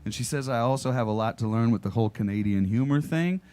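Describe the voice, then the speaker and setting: A man's voice: medium pitch, fast talker, a little mellow. A man, a singer-songwriter telling dry, self-deprecating stories between songs at a live show. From United States. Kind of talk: casual stage banter between songs. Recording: live performance with guitar behind. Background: guitar music.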